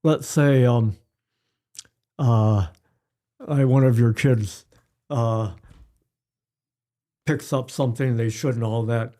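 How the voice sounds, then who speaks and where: Slow, mellow older man. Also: mid-range voice, fairly even intonation. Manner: unhurried storytelling, repeats key phrases. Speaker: pediatrician guest. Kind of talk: conversational interview.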